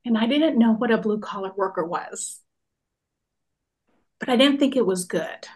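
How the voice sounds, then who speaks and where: Lively woman telling a personal story. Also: fairly high pitch, moderate pace. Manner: animated, expressive storyteller addressing audience. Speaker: workshop speaker.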